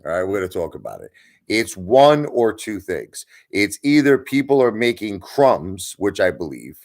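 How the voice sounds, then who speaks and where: A man's voice: fairly low pitch, very animated, moderate pace, a little mellow. A man hosting a livestream, ranting bluntly at his viewers, swearing and mocking them. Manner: blunt, swearing, mocks viewers in put-on voices. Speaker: livestream host.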